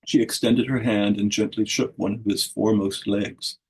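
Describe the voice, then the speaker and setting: A man's voice: on the low side, level tone, normal speed, darkish tone, slightly rough, poor audio. A man reading a whimsical fairy story aloud at a book launch, giving the characters their own voices.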